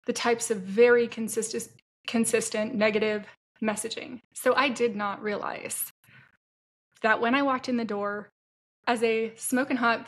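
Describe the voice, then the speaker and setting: A middle-aged woman telling a candid personal story to camera as an entrepreneur, frank and chatty. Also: a little high. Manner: frank, chatty, self-deprecating with bursts of laughter.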